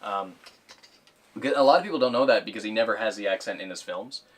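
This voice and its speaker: A man's voice: fairly low pitch, fast talker, distant mic, slight background noise. A young man co-hosting a podcast, chatting casually and rambling with plenty of likes and ums. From Canada. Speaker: podcast co-host. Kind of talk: casual chat.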